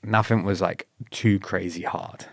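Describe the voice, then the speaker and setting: This British man is a former paratrooper guesting on a podcast, sharing stories in a relaxed interview and laughing frequently. His voice is low, a little slow and creaky, and he switches to energetic bursts whenever he quotes someone. The clean studio sound carries no echo.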